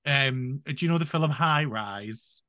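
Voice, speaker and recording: A man's voice: mid-range voice, slow, sharp tone, no room sound. A man from the United Kingdom co-hosting a podcast, chatting casually and rambling with many fillers and restarts. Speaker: podcast co-host.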